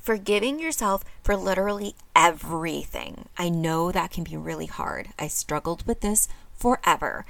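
A woman's voice: on the low side, animated, moderate pace, gravelly, hardly any pauses, a bit bright, dry recording. A woman hosting a self-help podcast, talking earnestly and encouragingly to her listeners. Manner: casual with frequent fillers. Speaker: podcast host.

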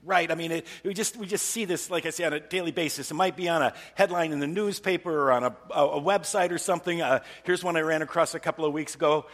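During a church service, a male pastor preaches a conversational sermon and poses rhetorical questions to the congregation. His voice is on the high side and fairly bright, and he talks fast with few pauses. The recording carries the long reverb of a large hall.

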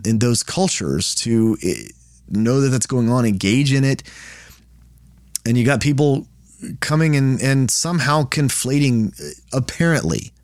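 A man teaches scripture in a loose, conversational way, often asking "right?" and restarting his sentences. His voice sits at a middle pitch. The sound is dry and close, with no room echo. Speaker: Bible study teacher. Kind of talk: casual Bible teaching.

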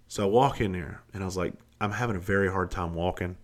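Blunt deep-voiced man telling stories. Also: fast. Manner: profane, blunt, self-deprecating. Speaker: podcast host. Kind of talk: casual storytelling monologue.

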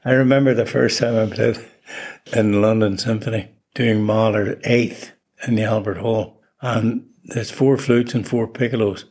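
A man's voice: lowish voice, steady tone, a little slow, a little mellow, breathy edge. An older man, a flute player interviewed as a guest, telling stories in an easygoing way with chuckles. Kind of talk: relaxed anecdotal chat.

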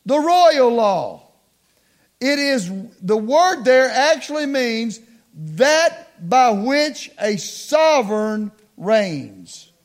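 A middle-aged man preaching a sermon, calling on the congregation to respond, slowing down to stress key words and dropping into quiet asides. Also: extremely high pitch, very animated. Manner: call-and-response preaching, slows for emphasis, drops to hushed asides.

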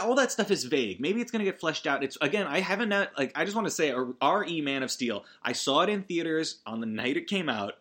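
A podcast host with a fairly high-pitched, slightly bright voice rambles through a film recap on his casual solo podcast. He swears and makes frequent false starts and restarts.

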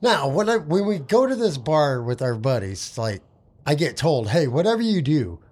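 A man's voice: fairly high pitch, lively intonation, moderate pace, a little mellow. A man co-hosting a podcast, starting his own bar story in a loose, profane, chatty way. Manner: laid-back, profane, chatty. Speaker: podcast co-host. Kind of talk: casual storytelling.

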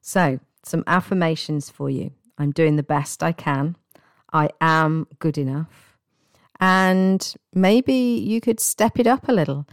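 A woman giving a guided self-help talk as a wellbeing coach, speaking in a gentle, encouraging and reassuring way. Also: low-pitched, slow, no room sound, studio quality.

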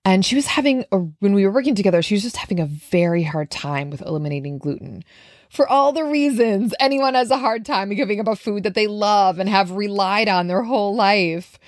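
A woman's voice: mid-range voice, brisk, no room sound, studio quality. A woman from Minnesota hosting a solo podcast as a nutrition coach, talking in an earnest, heartfelt, conversational way with fillers. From Minnesota, USA. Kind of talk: reflective solo podcast monologue.

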